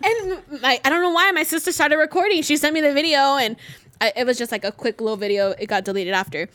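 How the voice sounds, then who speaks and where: Middle-aged woman guest, high voice, dry close sound, lively casual storyteller. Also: quick pace, no echo. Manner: animated, swears, laughs through her story. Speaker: podcast guest.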